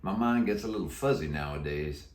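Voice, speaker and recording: A man voicing a slow, folksy old cowboy zombie with a deep, croaky drawl in a storybook read-aloud. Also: lively intonation. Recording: echoey room.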